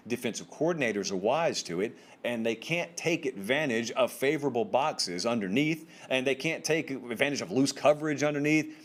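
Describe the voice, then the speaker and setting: A male sports host of medium pitch delivers solo college football commentary. He speaks directly to his viewers, informal and emphatic, and his voice jumps up to stress key points.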